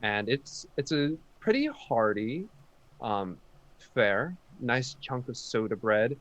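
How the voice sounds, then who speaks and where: A man running a tabletop game as game master, narrating a scene in a relaxed way with frequent pauses and fillers. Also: mid-range voice, highs cut off.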